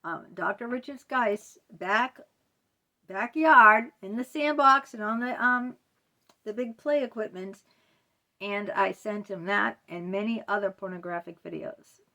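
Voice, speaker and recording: A middle-aged woman speaks straight to camera in a personal storytime vlog. Her voice sits at a middle pitch, loose and conversational, full of fillers. She sounds indignant as she talks. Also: measured pace, bright, forceful tone. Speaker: vlogger.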